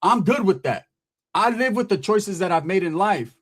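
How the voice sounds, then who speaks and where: High-voiced man roasting a rival. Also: lively intonation, moderate pace, breathy edge. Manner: profane, taunting, street slang. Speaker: channel host. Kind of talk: mocking roast rant to camera.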